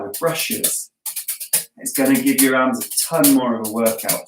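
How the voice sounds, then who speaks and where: A drum teacher in a home practice room, counting out stickings and drum syllables in an easygoing, encouraging way. His voice sits at an ordinary middle pitch and sounds set back from the mic, in a reverberant room with music and drumming under him. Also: unhurried. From England. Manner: chanting drum patterns and stickings aloud; relaxed, encouraging, chatty. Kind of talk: guided practice lesson. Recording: roomy, distant sound with music behind. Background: metronome and drumming.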